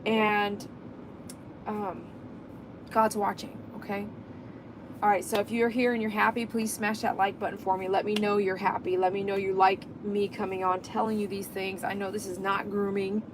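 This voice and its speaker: A woman's voice: medium pitch, flat delivery, normal speed, noisy background. A woman, a dog groomer talking in a casual vlog monologue, impassioned and emphatic, rambling and repeating herself as she makes her point.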